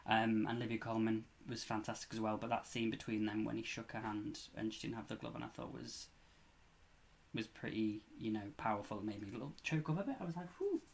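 A young man hosting a reaction video, talking in an excited, chatty, gushing way. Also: on the low side, quick pace, creaky. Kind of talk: casual reaction commentary.

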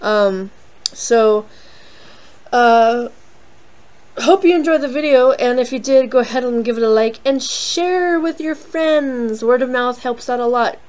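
A woman's voice: a little high, a little slow, darkish tone, low-quality recording. Rambling woman narrating her gameplay. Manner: rambling and self-deprecating, heavy on fillers like "like" and "um". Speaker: let's play host. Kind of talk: casual game commentary.

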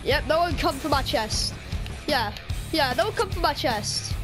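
A woman giving excitable, cheeky live commentary over a game she is playing. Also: high-pitched, normal speed, over music. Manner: excitable, cheeky banter with other players. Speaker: gaming video creator.

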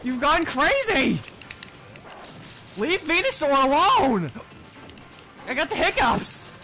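Excitable woman yelling over a game. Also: high voice, slow, soft background music. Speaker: let's play co-host. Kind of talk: casual gameplay commentary.

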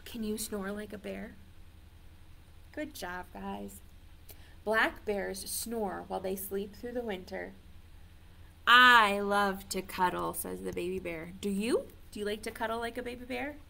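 A woman's voice: mid-range voice, measured pace, vocal fry, slight background noise. A woman reading a picture book aloud to toddlers as a children's librarian, playful and sing-song, coaxing the little ones to join in.

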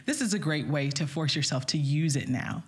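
A woman vocal coach with a slightly low speaking voice gives an upbeat online singing lesson. She talks straight to her viewers and breaks into short sung vowel demos. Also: lively intonation, moderate pace, husky.

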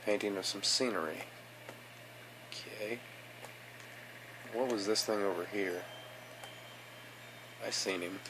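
A man's voice: fairly low pitch, slow, pauses often, pushed and bright, soft background music. A young man from Kentucky with a Kentucky accent, giving profane, sarcastic commentary while playing a game, moving between mutters and outbursts. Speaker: let's play host. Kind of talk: gaming commentary.

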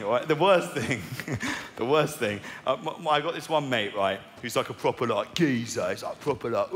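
A man in his twenties with a posh southern English accent, doing a self-mocking stand-up routine with sudden high squeaky outbursts. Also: normal speed. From England. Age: 20s. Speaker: stand-up comedian. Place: large arena on stage. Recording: live arena recording with long reverb and crowd noise.

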